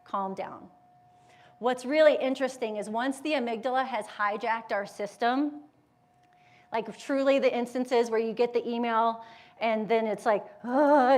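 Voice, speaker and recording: Speaking live to a crowd, this woman works as a motivational speaker and yoga educator and has school-age kids. Her pitch is a little high, and her delivery is animated and chatty as she quizzes listeners and briefly voices inner thoughts in snappy quotes.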